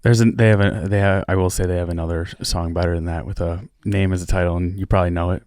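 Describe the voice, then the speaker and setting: A man guest in a casual group chat, wry and quick to mock himself. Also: low voice, steady tone, darkish tone, dry recording, clean studio sound.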